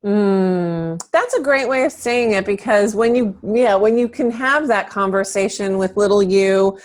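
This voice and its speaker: A woman's voice: medium pitch, a little slow. A woman hosting a casual interview, agreeing readily and laughing easily.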